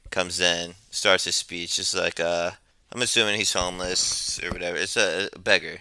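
A man, low-pitched and very bright, rambling through a story with plenty of swearing. His voice is close and dry, with no room sound. The delivery is laid-back and chatty. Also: steady tone, normal speed, no echo. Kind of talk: casual storytelling. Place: New York.

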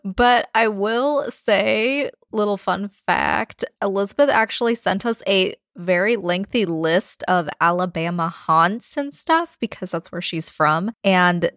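A woman's voice: medium pitch, slow, hardly any pauses, fairly bright tone, no room sound, studio quality. A woman hosting a paranormal podcast, chatty and casual as she narrates history, laughing easily. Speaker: podcast host.

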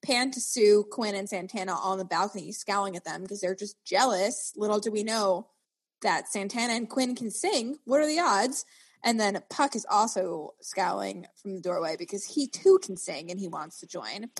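A woman's voice: medium pitch, normal speed, breathy edge. A woman co-hosting a podcast, recapping an episode in sarcastic casual chat. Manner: sarcastic, lively, swings her voice widely. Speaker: podcast co-host.

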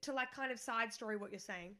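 A woman's voice: fairly high pitch, fast, sharp tone. A young woman co-hosting a podcast from her couch, rambling and giggly, often losing her thread. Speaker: podcast co-host. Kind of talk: casual chat. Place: living room of a new house, on a couch. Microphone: studio mic with pop filter.

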